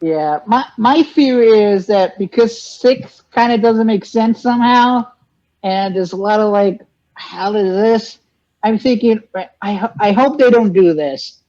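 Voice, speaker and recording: A man's voice: sits high, unhurried, warm tone. A man guesting in a casual movie chat, rambling through ideas and laughing at them. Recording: dull, lo-fi sound.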